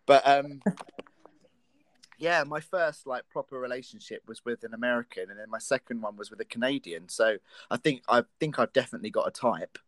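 A man's voice: medium pitch, moderate pace, dry recording. A young man from England chatting casually, playful and teasing, laughing often. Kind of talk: casual chat.

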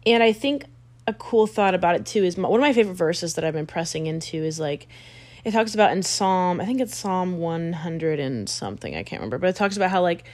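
A woman's voice: fairly low pitch, animated, fast, a little mellow. A woman host in a casual, reflective faith conversation with a guest. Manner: chatty, reflective. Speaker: podcast host.

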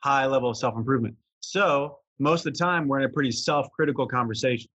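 A man's voice: mid-range voice, fast, a bit bright, breathy edge, no room sound, muffled recording. Reflective man with a Southern drawl. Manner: reflective, explains ideas step by step. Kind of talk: explanatory conversation.

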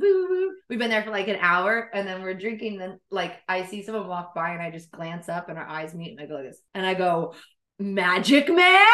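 A young woman with a bright, sharp voice tells a dating story to her co-hosts. She is animated, laughs often and swears freely. The sound is echoey, as if from a bare room. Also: mid-range voice. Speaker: podcast co-host. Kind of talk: casual storytelling chat.

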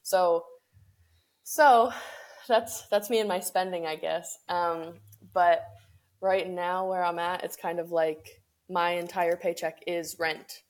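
A woman's voice: on the low side, steady tone, slow. A young woman co-hosting a podcast, chatting casually with lots of "like" fillers and easy laughs. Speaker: podcast co-host. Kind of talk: casual chat.

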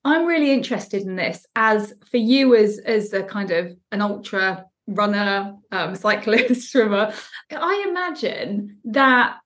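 A woman's voice: medium pitch, expressive, a little slow, fairly bright tone. A woman co-hosting a podcast who speaks reflectively and asks questions at length in casual conversation. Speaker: podcast co-host. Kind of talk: casual chat.

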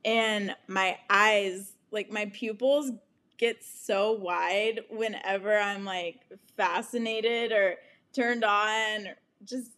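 A woman's voice: mid-range voice, fairly even intonation, takes it slowly, fairly bright tone. A young woman hosting a podcast, telling a personal story frankly and with plenty of swearing, laughing often and acting out quoted lines. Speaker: podcast host. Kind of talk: candid storytelling monologue.

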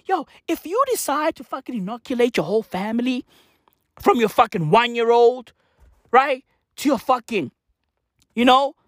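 A young man giving a loud, profane comic rant, full of slang and shouting. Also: extremely high pitch, no echo, clean studio sound. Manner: loud, animated, slangy, swears a lot. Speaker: vlogger.

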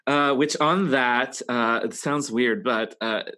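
A man's voice: mid-range voice, slow pace, bright, forceful tone. A man co-hosting a casual chat show, gushing as a pop-music fan. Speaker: podcast co-host.

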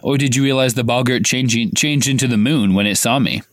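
A man reading the lines of a calm, pale male werewolf teacher in his own everyday voice, patient and explaining. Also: medium pitch, fairly quick, dry recording, studio quality, natural voice. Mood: cool.

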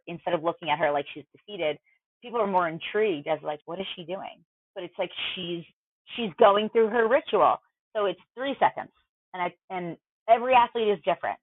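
A woman's voice: on the low side, dry recording. A woman mental performance coach, a podcast guest, explaining in a chatty way with many fillers. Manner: conversational, explanatory, filler-heavy. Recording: dry tinny phone-like line.

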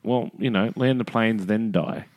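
A man's voice: on the low side, measured pace, darkish tone. An Australian man co-hosting a casual podcast chat, rambling and joking with a lot of swearing. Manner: crude, joking, profanity-laced rambling.

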